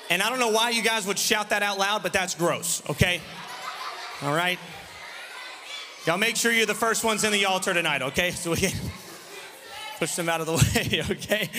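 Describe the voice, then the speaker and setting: High, bright-voiced children's preacher in a hall. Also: male voice. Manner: playful, teasing, loud leader of a crowd of kids. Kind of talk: lively children's church service, call and response. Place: large church sanctuary. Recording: reverberant church hall, faint room noise.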